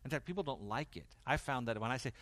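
Male pastor delivering a sermon, animated and shifting from loud to hushed, performs quoted voices, dry close recording. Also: medium pitch, quick pace, dry recording. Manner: animated preaching, swings from loud emphasis to quiet intensity; acts out quoted dialogue in varied voices.

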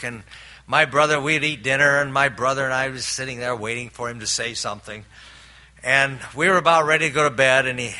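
A man's voice: fairly high pitch, bright, forceful tone. An older man preaching a sermon in an earnest way, explaining scripture with homely stories and frequent restarts. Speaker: pastor.

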